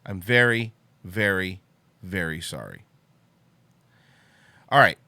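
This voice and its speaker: A man's voice: low voice, lively intonation, slow pace, sharp tone, dry recording. A man hosting a talk show, ranting angrily with heavy swearing and then apologizing. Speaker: podcast host.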